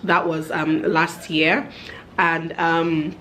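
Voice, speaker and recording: A woman's voice: deep voice, level tone, drawn-out words, sharp tone, slight background noise. Chatty woman in her thirties. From Nigeria. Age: 30s. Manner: chatty, upbeat, lots of fillers. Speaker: vlogger. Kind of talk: casual vlog chat.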